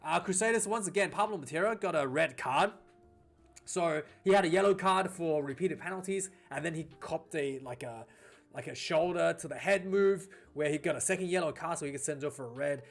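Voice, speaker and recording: A man's voice: fairly high pitch, a little fast. A man hosting a casual rugby news vlog, rambling, with frequent restarts and repeated words.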